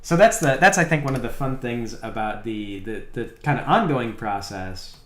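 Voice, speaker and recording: A man's voice: mid-range voice, normal speed, echoey room. A man chatting casually on a live stream about the game he is building alone, rambling with lots of fillers. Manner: rambling, filler-heavy, animated storytelling. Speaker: solo indie game developer streaming.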